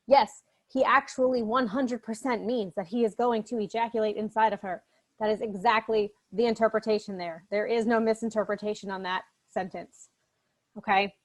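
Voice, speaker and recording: A woman's voice: medium pitch, steady tone, normal speed. A woman in her thirties, a literature instructor, giving a recorded lecture on a short story. She talks in a casual, chatty way and makes frequent asides.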